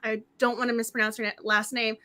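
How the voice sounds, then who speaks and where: A woman hosting a book club livestream in casual, effusive chat, her voice slightly hoarse. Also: fairly high pitch, flat delivery, quick pace, sharp tone.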